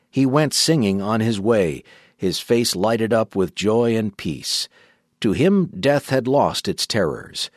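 A man narrates in a measured, solemn reading. His voice sits low. The recording is dry with no room sound. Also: dry recording. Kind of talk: scripted audiobook narration.

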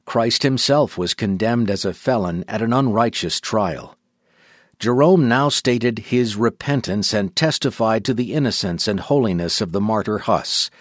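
A man giving a measured, solemn audiobook narration. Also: fairly low pitch, lively intonation, no room sound, studio quality.

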